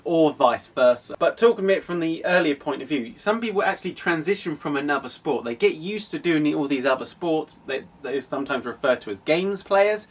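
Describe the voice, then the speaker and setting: A man's voice: fairly high pitch, a little fast, fairly bright tone, distant mic. A young man from an athletics club, explaining casually with frequent restarts. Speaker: athletics club coach and host.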